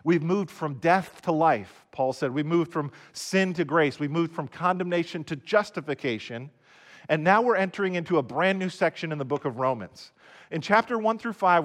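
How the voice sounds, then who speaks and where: A man's voice: a little high, fairly bright tone. A man preaching a casual, conversational sermon to viewers at home, often repeating words as he restarts. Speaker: pastor. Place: recorded for online viewers at home.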